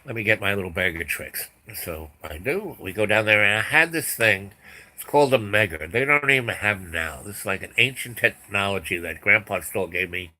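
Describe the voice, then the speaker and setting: A man's voice: on the low side, expressive, moderate pace, sharp tone. An older man telling a rambling personal story, full of restarts and asides. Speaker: podcast host.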